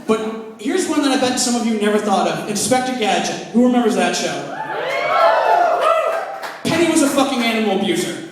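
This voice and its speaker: High-voiced young man doing stand-up. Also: fast. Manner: profane, conversational storytelling. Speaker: stand-up comic. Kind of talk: stand-up comedy set. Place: comedy club stage. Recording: echoey club, captured from far off.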